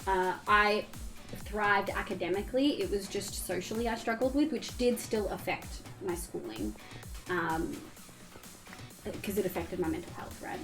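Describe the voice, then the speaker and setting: A woman's voice: mid-range voice, normal speed, a bit bright, soft background music. A young Australian woman streamer chatting casually and candidly with her viewers while she plays, swearing now and then. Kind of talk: casual chat while gaming.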